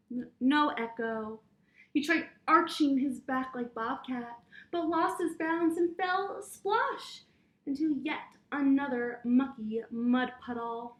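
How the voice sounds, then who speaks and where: A woman teaching yoga to children, reading a story aloud in a gentle, encouraging way and roaring and meowing with them. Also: high-pitched, slow, recorded from a distance. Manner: gentle, encouraging, playful animal sounds. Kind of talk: storytime with kids' yoga instruction. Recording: echoey room.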